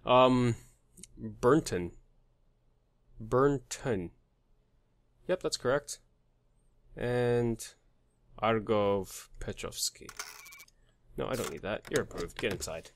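A man's voice: medium pitch, drawn-out words, creaky, long pauses, dry recording. A man hosting a let's play, joking crudely and muttering names and numbers while he plays. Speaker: gaming channel host.

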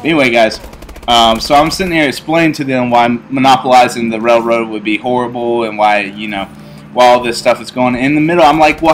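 A man in his twenties telling a personal story in a casual, rambling way, full of fillers and restarts, growing animated as he recounts it. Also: medium pitch, a little hiss or hum. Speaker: YouTuber telling stories. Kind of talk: casual storytelling over gameplay.

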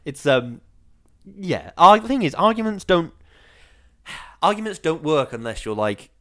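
A young man co-hosting a casual podcast, wry and a little hesitant, with deadpan teasing. His pitch moves around a lot as he talks, rising and falling freely. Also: unhurried. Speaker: podcast co-host. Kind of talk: casual chat.

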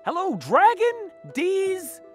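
A woman playing a weary female town greeter in a fantasy game, deadpan and exasperated. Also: very high-pitched, takes it slowly, soft background music, exaggerated voice.

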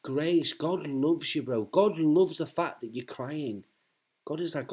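A man's voice: a little high, takes it slowly, darkish tone, husky. A man, preaching fervently to one listener, often repeating himself and restarting his sentences.

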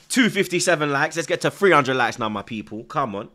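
A man's voice: a little high, sing-song, moderate pace. Slangy man hyping a stream. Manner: slangy, repeats "blood" and "you get me"; shouts out viewers from the chat. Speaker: livestream host. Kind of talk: football watchalong chat.

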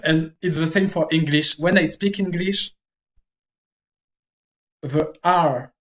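A native French speaker with a French accent, chatting casually in halting English while drawing on a stream, often stopping to search for words. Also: mid-range voice, fairly bright tone.

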